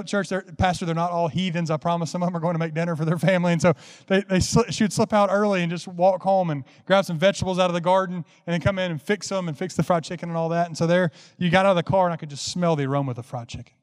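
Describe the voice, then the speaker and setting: A man's voice: high voice, fairly even intonation, quick pace, smooth, long reverb tail. A man preaching a sermon, telling a folksy story that builds into fervent preaching. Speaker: pastor.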